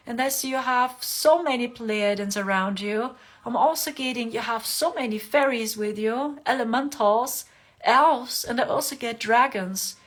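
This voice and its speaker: Gentle soft-spoken woman streamer. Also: fairly high pitch. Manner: gentle, repeats words for emphasis. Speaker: livestream host giving spiritual readings. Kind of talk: casual livestream chat.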